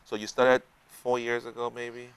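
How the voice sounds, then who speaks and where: A man's voice: mid-range voice, monotone, normal speed, smooth, dry recording. A man hosting a local TV health talk show, asking long strings of questions. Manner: asks long, stacked questions. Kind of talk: TV interview.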